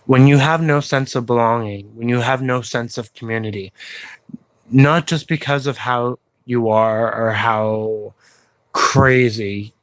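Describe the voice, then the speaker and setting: A man vlogging to his viewers, speaking slowly and earnestly with pauses and fillers, encouraging them to reach out to others. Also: medium pitch, steady tone, a bit bright, dry recording. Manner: slow, halting delivery with pauses and fillers; encouraging, plain-spoken. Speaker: YouTube vlogger. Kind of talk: slow earnest personal appeal to viewers.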